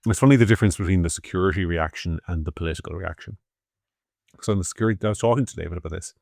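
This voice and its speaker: A man's voice: low voice, racing, gravelly, no room sound, clean studio sound. An Irish man co-hosting a podcast, giving opinionated political commentary in a sardonic, swearing tone. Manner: sardonic, swearing, swings loud and soft. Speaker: podcast co-host.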